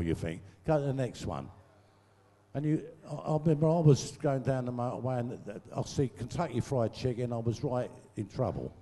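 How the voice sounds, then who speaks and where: With a mellow, medium-pitched voice, an older guest storyteller entertains a live audience at a large venue. He shares vulgar, cursing comic tales over a stage mic and cracks up at his own punchlines, all in an echoing hall.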